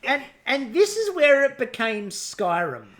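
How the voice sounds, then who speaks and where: A man's voice: extremely high pitch, measured pace. An Australian man co-hosting a podcast, recapping a TV episode in casual chat and acting out what people said. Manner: animated storytelling, acting out quotes. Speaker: podcast co-host.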